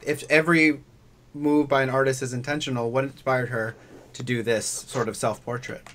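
A man's voice: medium pitch, level tone, moderate pace, a bit bright, a little hiss or hum. Eager male co-host with a mid-range voice, asks questions. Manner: enthusiastic, chatty, many fillers. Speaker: podcast co-host. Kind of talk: casual podcast chat.

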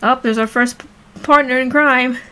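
Bright, giggly young woman streamer. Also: sits high, fairly even intonation, normal speed, clear, resonant tone. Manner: playful, giggly, jokey. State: tired. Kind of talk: casual gameplay commentary.

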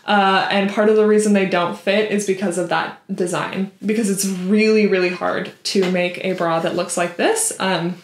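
A woman vlogger talks in a chatty, snarky way, full of ums and likes. Her voice sits at an ordinary pitch and rings a bit in an echoey room at home. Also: fairly even intonation, moderate pace, hardly any pauses, slight background noise. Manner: chatty and snarky, with many fillers. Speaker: vlogger reviewing bras. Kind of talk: casual chat.

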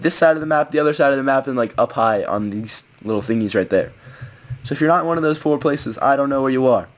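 A young man giving excitable, rambling live commentary on his own gameplay as a gaming video host. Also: medium pitch. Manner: excitable, rambling, self-narrating play-by-play. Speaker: gaming YouTuber.

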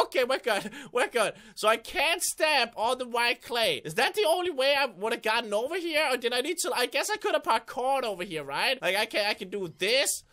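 A young man hosting a gaming channel, giving excitable, jokey let's-play commentary and reading game text aloud. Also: very high voice, normal speed.

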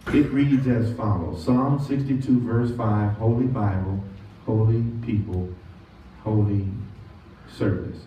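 This sermon comes from a pastor whose voice sits on the low side and sounds warm; he leads call-and-response and lingers slowly on key words. Captured in a church sanctuary, the audio is echoey, distant, dull and lo-fi, with faint background noise.

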